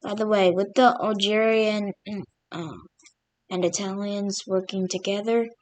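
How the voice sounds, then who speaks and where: A woman's voice: mid-range voice, steady tone, measured pace, a little mellow, no room sound. A woman casually narrating over a map, rambling with many fillers. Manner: rambling, full of fillers like "literally" and "like". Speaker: map video creator.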